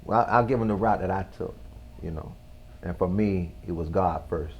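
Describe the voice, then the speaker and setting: A man who is a guest on an interview show, earnestly telling a personal story in a slow, casual way with slang. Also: low-pitched, muffled recording, slight background noise.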